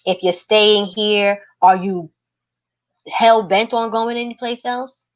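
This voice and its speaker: A woman is a guest in a casual conversation. She tells her story with animation and acts out her own past remarks. Her voice sits at a middle pitch, and the recording has a somewhat dull, lo-fi sound. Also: fairly even intonation, takes it slowly. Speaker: interview guest, activist.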